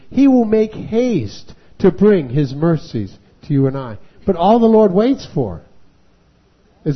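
A man preaching a revival sermon, acting out voices and rising to shouting. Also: high voice, husky, dull audio. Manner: dramatic, acts out voices and rises to shouting.

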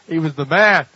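A man's voice: fairly high pitch, pushed and bright, husky, lo-fi sound. A man preaching a sermon, telling a story dramatically with laughs and rhetorical questions. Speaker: pastor.

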